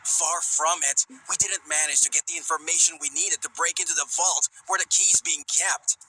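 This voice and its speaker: A sarcastic young secret agent. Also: male voice, a little high, fairly even intonation, normal speed, bright, forceful tone, slight background noise, rough recording. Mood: urgent. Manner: dry, sarcastic. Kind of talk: animated cartoon acting.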